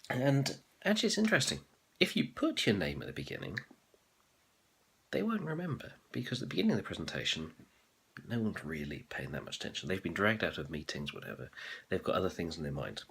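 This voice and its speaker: A man with a deep, low voice and a husky, slightly rough tone. He talks in a relaxed, reflective monologue, pausing often with ums and uhs as he thinks aloud. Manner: thoughtful, with frequent ums and uhs. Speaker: MBA student vlogger.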